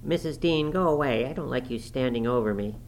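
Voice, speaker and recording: A man's voice: medium pitch, fairly quick, slight background noise, close to an everyday voice. A man voicing Linton, a sickly, petulant teenage boy who makes whiny, peevish demands in a raised voice.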